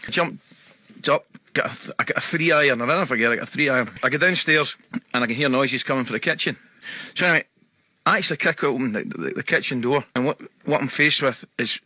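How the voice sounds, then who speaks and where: A man, a former footballer telling an anecdote with animated delivery and laughter in his voice. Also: mid-range voice, no room sound. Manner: animated, acts out quoted voices, laughs through punchlines. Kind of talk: anecdotal storytelling.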